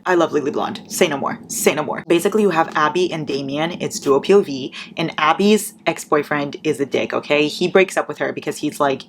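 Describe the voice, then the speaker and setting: A woman's voice: deep voice, a little hiss or hum. A young woman in her twenties chatting casually about books, gushing and swearing freely. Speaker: book vlogger. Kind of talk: casual chat.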